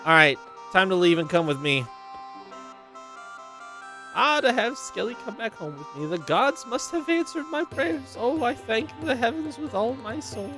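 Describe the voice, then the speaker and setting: A loving old grandmother speaks high and quavering, her pitch swooping with emotion; a man puts her on while playing a video game. Faint music plays underneath. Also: lively intonation, a little slow, pushed and bright, full character voice. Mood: tender, joyful. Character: frail, tender old grandmother, overjoyed.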